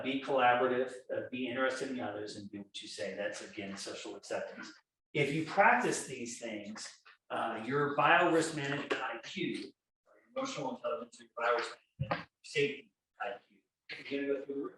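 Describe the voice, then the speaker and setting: A man giving a conference lecture on workplace safety, animated and storytelling, acting out the voices in his examples. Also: medium pitch. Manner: animated storytelling, acts out quoted dialogue. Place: lecture hall. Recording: echoey hall, speaker far from mic, faint noise.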